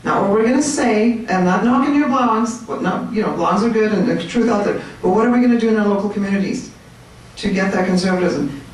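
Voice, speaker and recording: A woman giving an animated, chatty talk to a room of people, joking with her audience. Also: mid-range voice, a little fast. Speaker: speaker at a political meetup. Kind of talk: lively speech to a crowd. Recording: echoey room, mic at a distance.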